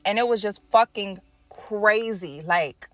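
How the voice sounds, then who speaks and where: A woman telling a story in a casual storytime vlog, animated and profane, acting out the people she quotes. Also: medium pitch, takes it slowly. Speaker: nail art vlogger telling a story.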